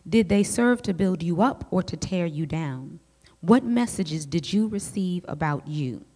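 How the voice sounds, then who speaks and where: A woman, a psychologist giving a teaching talk to a group of women, telling lively personal stories and speaking straight to her listeners. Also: fairly low pitch, unhurried. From United States. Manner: lively storyteller who speaks straight to the audience. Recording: long hall reverb.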